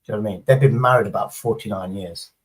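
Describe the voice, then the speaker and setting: A man's voice: lowish voice, very fast, poor audio. A middle-aged man, chatting casually on a livestream in a rambling, sweary, sarcastic way. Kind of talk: casual chat.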